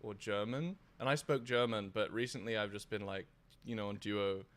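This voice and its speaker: A man, a guest in a casual live-stream interview, talking in halting bursts with restarts and casual swearing. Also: fairly low pitch, fairly even intonation, a bit bright. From United Kingdom. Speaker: guest, former streaming platform engineer.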